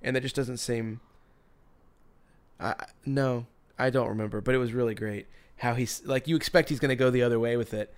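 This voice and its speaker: A man's voice: mid-range voice, steady tone, fairly quick, clean tone. A man on a podcast telling a story in casual chat, rambling with many restarts and bursts of laughter.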